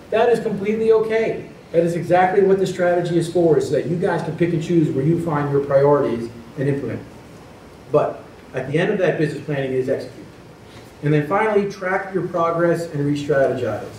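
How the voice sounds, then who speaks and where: A man's voice: fairly high pitch, fairly quick, darkish tone, slight background noise. A man, a consultant, giving a presentation to community leaders, plainspoken and emphatic, repeating key words for stress. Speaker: economic development consultant. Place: meeting room. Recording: echoey meeting room from far off.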